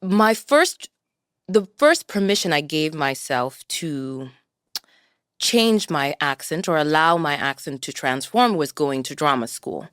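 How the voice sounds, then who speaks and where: An actress from Kenya with a mixed Kenyan and American accent, talking thoughtfully and candidly as a podcast guest. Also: female voice, low voice, expressive, slow pace, a bit bright, dry recording. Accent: mix of Kenyan and American. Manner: thoughtful and candid, laughs often. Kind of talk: podcast conversation.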